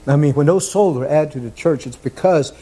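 A man preaching a fervent sermon, repeating his phrases and climbing toward near-shouts. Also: a little high, brisk.

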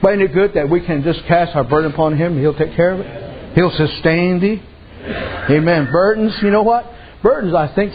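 A man preaching a sermon in a folksy, conversational way, telling stories and rising in intensity as he presses his points. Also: high voice. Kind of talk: sermon with storytelling. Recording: dull lo-fi with faint hiss.

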